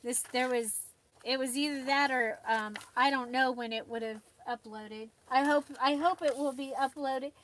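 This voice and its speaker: Chatty high-voiced woman live-streaming crafts. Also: fairly even intonation, normal speed, fairly bright tone, slight background noise. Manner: chatty, laughs often, greets viewers by name. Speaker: livestream host. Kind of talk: casual live-stream chat. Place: home craft desk.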